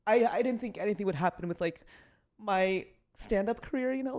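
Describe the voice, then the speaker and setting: A woman comedian talks a little fast in a mid-range, slightly mellow voice while guesting on a podcast. Tearful and rambling, she pokes fun at herself and fills her speech with "like."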